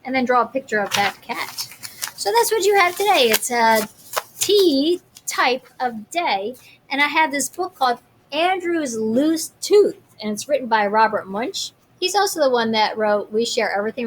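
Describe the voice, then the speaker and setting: Expressive teacher reading a picture book. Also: female voice, fairly high pitch, moderate pace, slight background noise. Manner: expressive, chatty asides.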